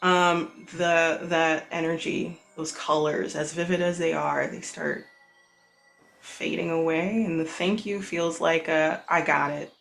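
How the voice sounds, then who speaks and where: A storyteller narrating a tabletop role-playing game in a soft, halting way with many fillers. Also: mid-range voice, steady tone, gravelly, faint music behind.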